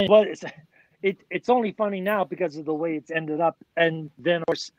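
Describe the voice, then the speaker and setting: A man's voice: fairly high pitch, normal speed, dry recording. A man in his sixties, a record producer guest on a podcast, telling a casual, rambling story full of "like" and "you know". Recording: dull, lo-fi, dry.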